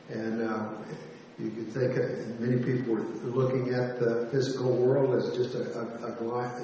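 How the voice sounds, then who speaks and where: A man giving a Christian apologetics talk, halting with many restarts and fillers, recorded in an echoey hall with the mic far off. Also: mid-range voice, a little mellow, a little hiss or hum. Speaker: speaker.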